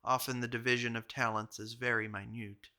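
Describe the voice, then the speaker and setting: A man giving a measured audiobook reading of an old journal. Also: mid-range voice, little pitch movement, sharp tone. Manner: measured, literary delivery. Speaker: reader.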